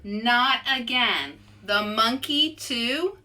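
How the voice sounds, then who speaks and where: A woman's voice: fairly high pitch, wildly swooping pitch, normal speed, a bit bright. A woman voicing a small, boastful male chameleon who is easily upset, speaking in indignant exclamations.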